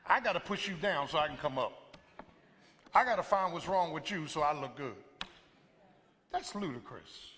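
A man preaching a live sermon in a church, animated and emphatic, drawing responses from the congregation. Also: fairly high pitch, normal speed, long pauses. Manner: animated preaching, call-and-response, sudden loud bursts. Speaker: pastor. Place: church sanctuary. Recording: live sermon audio in a reverberant hall.

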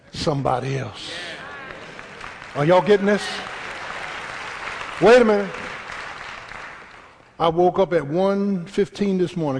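A man preaching a sermon that swings from quiet storytelling to shouted call and response, then leading an altar call. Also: medium pitch, rough recording. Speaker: pastor. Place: church sanctuary. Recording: live church with congregation and room noise.

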